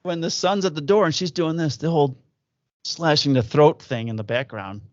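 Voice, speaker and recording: A man, a police officer and podcast co-host, telling a story from work in a casual, profane, animated way. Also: fairly high pitch, normal speed, dry recording. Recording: dull lo-fi dry audio.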